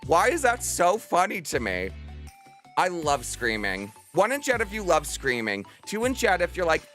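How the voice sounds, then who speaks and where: A man's voice: a little high, big pitch swings, measured pace, sharp tone, faint music behind. A man in his thirties chatting casually with viewers on a livestream, bubbly and theatrical. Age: 30s. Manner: bubbly and theatrical, bursts into playful screams.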